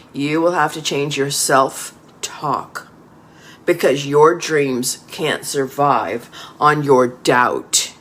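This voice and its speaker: A man's voice: a little high, a bit bright. A man reading a scripted motivational speech in a firm, emphatic way.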